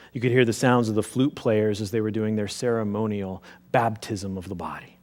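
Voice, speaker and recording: A man preaching in a church, telling a story in the first person with theatrical swings from hushed whispers to loud cries. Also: fairly low pitch. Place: church sanctuary.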